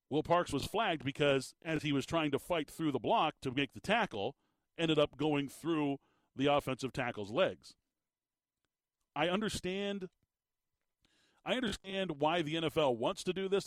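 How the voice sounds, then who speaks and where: A man's voice: fairly high pitch, no echo. Fired-up male sports radio host. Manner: animated and emphatic, repeats words when worked up. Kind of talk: sports talk radio commentary. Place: radio studio. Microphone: studio microphone.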